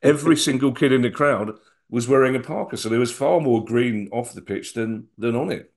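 A man's voice: medium pitch, brisk. A middle-aged man, a guest on an interview podcast, recalling old memories in a rambling way with many restarts. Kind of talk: casual storytelling interview.

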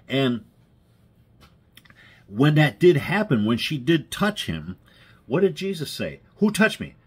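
A man's voice: mid-range voice, breathy edge. A man preaching an informal sermon in a folksy, conversational way, asking his listeners for amens.

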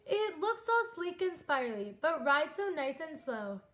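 A woman voicing a cautious, sensible husband spider who talks in a careful, gently worried way. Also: high voice, sing-song, unhurried, exaggerated voice.

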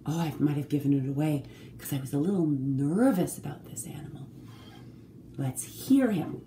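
A woman leading a children's music therapy group, talking slowly and singing short songs to a guitar. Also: low-pitched, a little hiss or hum. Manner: slow, animated, sings short songs to a guitar. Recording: roomy echo with faint guitar.

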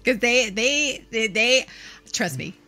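A woman's voice: on the high side, animated, takes it slowly, bright, forceful tone, soft background music. A woman co-hosting a podcast, chatting casually and laughing easily. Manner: laughs easily, short agreeing replies. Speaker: podcast co-host.

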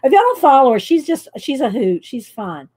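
A woman's voice: high-pitched, very animated, moderate pace, darkish tone, slightly rough. A middle-aged woman from Texas with a light Texan accent, chatting casually and rambling while she colors on a live stream. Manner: chatty, rambling, laughs often. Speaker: artist vlogger.

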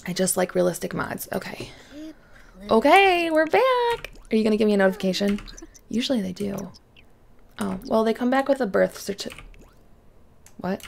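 Chatty young woman with a gravelly edge. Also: medium pitch, moderate pace, pauses often, a little hiss or hum. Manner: chatty, excitable, drops to whispers. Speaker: gaming YouTuber. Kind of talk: casual let's-play commentary.

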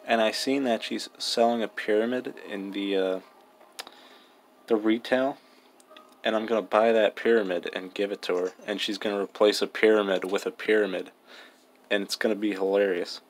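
A man's voice: lowish voice, steady tone, normal speed. A young man giving casual, joking gameplay commentary, mumbling and swearing freely. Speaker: gaming vlogger.

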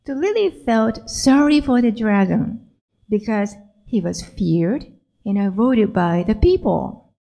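A woman minister telling a story slowly and gently in a sermon. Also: mid-range voice, expressive, creaky, poor audio.

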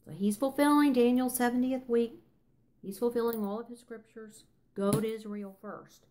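A woman's voice: a little high, fairly even intonation, normal speed, mellow. An older woman in her sixties teaching a Bible study in an earnest, emphatic way, with fillers and self-corrections along the way.

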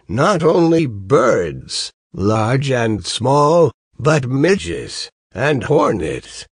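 A man reading a fairy tale aloud as an audiobook narrator, unhurried. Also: mid-range voice, gravelly, breathy edge, dry recording, studio quality. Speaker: audiobook reader. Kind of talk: scripted narration.

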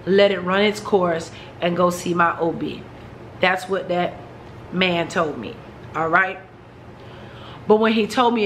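A woman's voice: medium pitch, a bit bright, slight background noise, rough recording. A woman vlogger telling a personal story in a frank, chatty way, talking straight to her viewers.

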